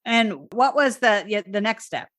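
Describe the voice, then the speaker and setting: A woman's voice: mid-range voice, animated, a little slow, a bit bright. Woman host asking curious questions. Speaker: podcast host. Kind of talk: casual interview.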